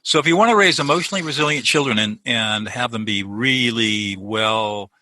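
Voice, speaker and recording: A man's voice: mid-range voice, a little fast, bright, forceful tone, no room sound, low-quality recording. A middle-aged man, a lawyer turned peacemaker, explaining his ideas earnestly as a guest in a conversational interview, often restarting his sentences.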